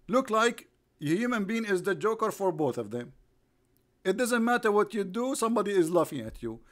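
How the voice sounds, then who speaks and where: A man's voice: high voice, very animated, fairly quick, a bit bright. A man hosting a live online broadcast, mocking his subject with sarcastic rhetorical questions, repetition and bursts of laughter. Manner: rhetorical, repeats himself.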